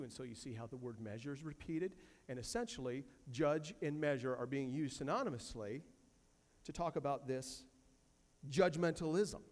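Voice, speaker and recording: A man's voice: mid-range voice, moderate pace, darkish tone, long reverb tail. A man preaching a sermon as pastor, emphatic, repeating key phrases and quoting scripture from a church sanctuary.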